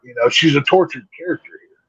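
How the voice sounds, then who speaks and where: Casting note: casual male movie reviewer, husky and blunt, dry slightly dull recording. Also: fairly high pitch, fast, no room sound. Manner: rambling, blunt, lots of restarts. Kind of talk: casual chat.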